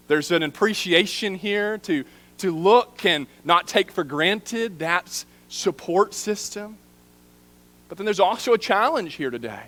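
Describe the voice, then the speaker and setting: Earnest man preaching a sermon. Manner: earnest, drops to soft low emphasis on key phrases. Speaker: preaching minister. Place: church sanctuary.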